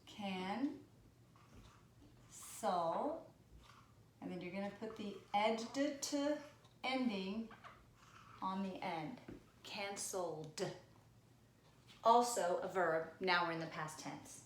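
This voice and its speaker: A woman teacher giving a recorded spelling lesson, playful and teasing, sounding words out slowly. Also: medium pitch, reverberant, a little hiss or hum.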